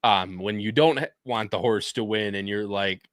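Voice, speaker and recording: A man's voice: fairly low pitch, moderate pace, a bit bright, dry recording. A man hosting a casual horse-racing podcast chat, talking loosely with restarts and friendly banter. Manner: loose, rambling, with restarts and laughs. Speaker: podcast host.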